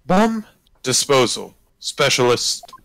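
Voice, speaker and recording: A man voicing a stiff male bomb-squad witness, reading in a flat, clipped robotic way. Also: medium pitch, takes it slowly, gravelly, no room sound, heavily acted, poor audio. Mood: deadpan. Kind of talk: reading a game script aloud.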